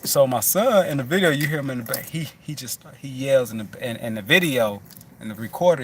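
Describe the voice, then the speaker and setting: A man talks to his listeners in a loose, rambling way, swearing freely and doubling back on his words. His pitch sits in the everyday middle range. Faint noise hangs in the background. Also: expressive, fairly quick, fairly bright tone. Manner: rambling, loose and profane, with many restarts. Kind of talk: casual chat.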